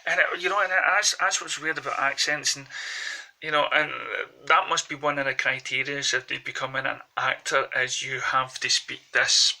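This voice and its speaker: A man's voice: mid-range voice, level tone, normal speed, bright, forceful tone, low-quality recording. A man with a Glaswegian accent, vlogging in a rambling, hesitant monologue into a phone held close.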